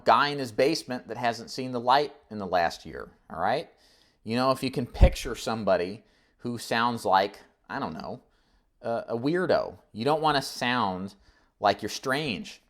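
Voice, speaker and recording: A man's voice: medium pitch, expressive, unhurried, fairly bright tone. A man teaching insurance agents in a live online training, coaching with energy and acting out phone scripts. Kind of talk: live webinar sales training.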